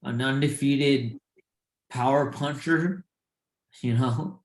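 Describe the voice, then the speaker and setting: A man co-hosting a casual sports podcast, a former boxer who talks in halting bursts with many fillers and restarts. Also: medium pitch, reverberant.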